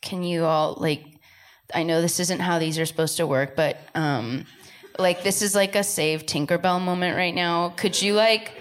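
A woman's voice: on the low side, fairly even intonation, moderate pace. A woman performing live sketch comedy who rambles and fills her talk with filler words.

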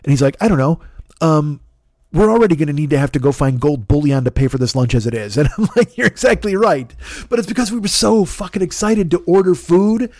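A man hosting a podcast, telling a long, animated, profane story in a casual way and acting out the back-and-forth dialogue. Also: a little high, fast talker, dry recording, studio quality. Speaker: podcast host.

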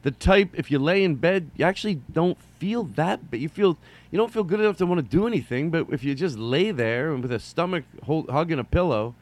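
A middle-aged man hosting a solo comedy podcast, rambling and joking, jumping from loud bursts to mumbled asides. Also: a little high, animated, fairly quick. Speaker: podcast host.

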